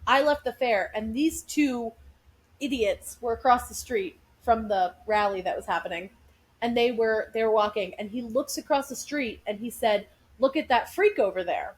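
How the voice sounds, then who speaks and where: A woman co-hosting a podcast from her living room, telling stories in an animated, chatty way. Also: a little high, moderate pace, poor audio. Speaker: podcast co-host. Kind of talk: casual chat, storytelling.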